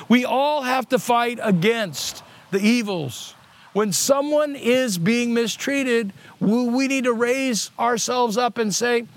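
A man's voice: very high-pitched, no echo. A middle-aged male pastor preaching a sermon earnestly, restating key points on purpose to drive them home.

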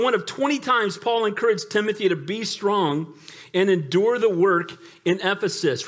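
Delivering his sermon, a male pastor speaks in a high, fairly bright voice, both emphatic and conversational. He keeps joking with the congregation and asking them for amens.

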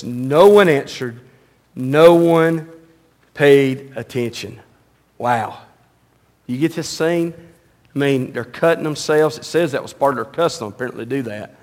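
A male pastor preaching a sermon, reading scripture and explaining it conversationally, swinging from loud and high to low and quiet. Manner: animated, rising loud and high when mocking, dropping low and quiet on solemn lines; reads scripture aloud, then explains it conversationally.

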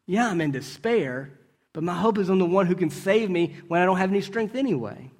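Male preacher, conversational sermon, slightly high voice, rhetorical questions and asides. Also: animated, a little fast. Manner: asks rhetorical questions and checks in with "right?"; storytelling with brief restarts.

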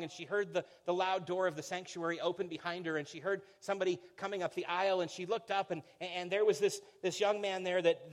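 A middle-aged pastor preaches in a conversational, storytelling style. He often repeats words as he begins a phrase and lets his voice sink low and quiet on solemn lines.

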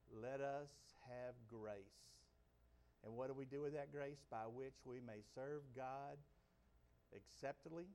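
A middle-aged male pastor preaching a folksy sermon, by turns quiet and conversational and loud and excited. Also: medium pitch.

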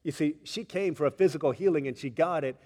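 Pastor guy preaching, kinda high voice, big hall reverb, goes from quiet to loud. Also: fast. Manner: storytelling, swings from hushed to loud and emphatic. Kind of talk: sermon.

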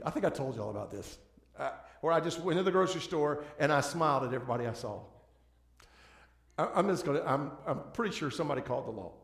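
Guy preaching, kinda high voice, earnest and pleading, roomy church echo. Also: creaky. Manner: earnest, pleading, with repeated restarts. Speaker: pastor. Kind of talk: sermon. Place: church sanctuary. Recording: echoey church room.

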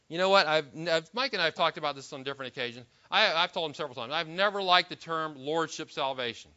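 Bright-voiced emphatic male preacher, lo-fi. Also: a little high, clear, resonant tone. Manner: emphatic, with frequent restarts and rhetorical questions. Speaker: pastor. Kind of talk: sermon.

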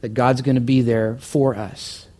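A man preaching a sermon as pastor, earnest, often repeating words and climbing higher when stirred. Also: fairly even intonation, unhurried, dark tone.

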